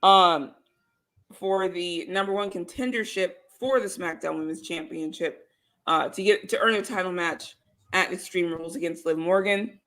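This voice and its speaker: A woman co-hosts a casual podcast, chatty and a little rambling as she reads comments aloud. Her voice is bright and forceful. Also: on the low side, normal speed. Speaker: podcast co-host. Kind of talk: casual chat about wrestling.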